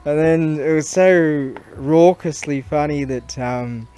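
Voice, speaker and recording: A man's voice: fairly high pitch, slow pace, dark tone, smooth. Rambling man vlogging outdoors. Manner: rambling, chatty storytelling with laughs and fillers. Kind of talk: casual vlog chat.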